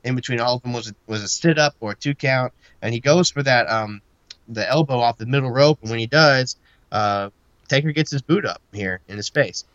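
A man's voice: mid-range voice, a little fast, fairly bright tone, dry recording. A man recapping a wrestling match in a loose, rambling way, laughing often between calls. His voice sits in the middle of the range. It comes through a dry, dull, lo-fi mic. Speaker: podcast co-host.

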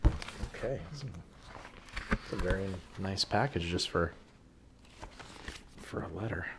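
A man with a fairly low voice co-hosts a podcast in relaxed, casual chat. He fills his pauses with frequent ums. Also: a little hiss or hum. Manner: relaxed and chatty, with many ums. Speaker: podcast co-host.

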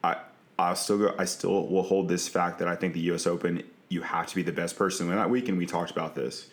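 A man's voice: low-pitched, steady tone, brisk. A young man co-hosting a podcast, easygoing and agreeable, often repeating words as he starts. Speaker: podcast co-host. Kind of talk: casual chat.

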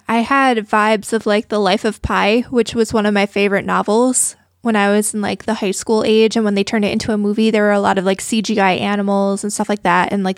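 A woman speaks on a podcast in a thoughtful, measured way. Her voice sits in a middle pitch, and the recording is dry and close. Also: no echo. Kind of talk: casual chat.

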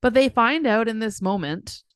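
A woman's voice: on the high side, animated, moderate pace, smooth, no room sound, studio quality. A woman co-hosting a casual podcast, easygoing and joking while recapping a TV episode. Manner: easygoing, laughs often, dad jokes. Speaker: podcast co-host.

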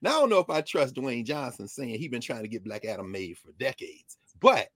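A man talking in an animated, digressive way in a conversation, often jumping up and down in pitch. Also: no echo, clean studio sound. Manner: lively, digressive, quick shifts between high and low pitch. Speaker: guest.

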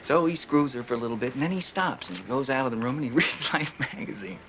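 An actor playing a cocky, sleazy middle-aged private detective in 1970s film dialogue, telling a joke with a brash, swaggering delivery. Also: male voice, mid-range voice, quick pace, fairly bright tone, a little hiss or hum, natural voice.

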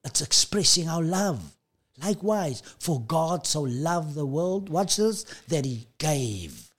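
A man preaching a sermon as pastor, emphatic and repetitive, slowing down to stress key lines. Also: on the high side, very animated.

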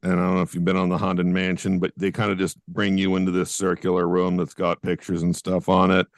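A man co-hosting a casual podcast over a video call, talking in a relaxed, wry way. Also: sits low, brisk, no room sound, clean studio sound. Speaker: podcast co-host. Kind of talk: casual chat.

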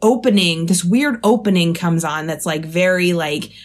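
A woman's voice: lowish voice, normal speed. Giggly woman podcast co-host. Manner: giggly, animated storytelling, swearing freely. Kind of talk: casual chat.

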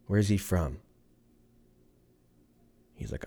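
Hosting his podcast alone, a thirtysomething man rambles on, cursing casually and cracking himself up. He speaks a little slowly in an expressive voice that is fairly low and a touch mellow.

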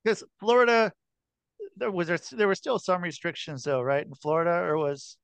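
A man's voice: high-pitched, expressive, normal speed, vocal fry, clean tone, no room sound. A man hosting a podcast, chatting casually with a guest, swearing freely and restarting his sentences. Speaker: podcast host. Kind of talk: casual interview chat.

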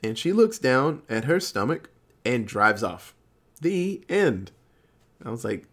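Animated, lively-voiced man recapping a movie. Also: medium pitch. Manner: animated, profane, acts out characters' lines in quick voices. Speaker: podcast co-host recapping a film. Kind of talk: casual chat.

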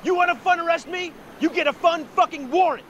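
A man's voice: very high voice, a little fast, a bit bright, lo-fi sound, a little hiss or hum, voice pushed up. A man voicing a belligerent drunk who is cursing out a cop in a crude, furious rant.

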